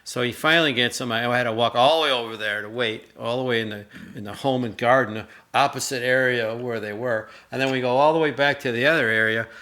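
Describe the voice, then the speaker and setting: A middle-aged man rambling through a casual anecdote while he co-hosts a chat with his mother. His voice is bright and clear. He talks loosely, with restarts, and acts out the people in his story. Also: mid-range voice, fast, hardly any pauses. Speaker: co-host.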